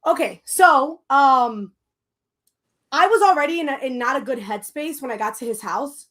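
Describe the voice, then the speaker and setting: High-voiced woman telling a story. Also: moderate pace. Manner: switches between English and Spanish mid-sentence; animated storyteller who acts out quoted lines. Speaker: podcast co-host. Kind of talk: casual chat, telling a story.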